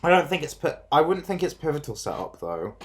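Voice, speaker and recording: A man's voice: on the high side, very animated, fairly quick, a little hiss or hum. A man co-hosting a review show, chatting casually and joking with frequent laughter. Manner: chatty, jokey, laughs often. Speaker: reaction video co-host. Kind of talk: casual reaction chat.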